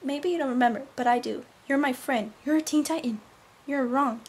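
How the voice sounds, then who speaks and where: A young woman voicing a teenage boy hero from a cartoon, loud and pleading with a friend. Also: high voice, fairly quick, breathy edge.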